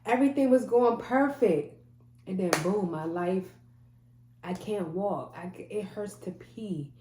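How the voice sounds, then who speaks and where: A woman's voice: mid-range voice, measured pace, dark tone, echoey room, a little hiss or hum. A woman telling a personal faith testimony in a casual, emphatic way, repeating phrases and restarting often. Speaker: mother sharing a faith testimony.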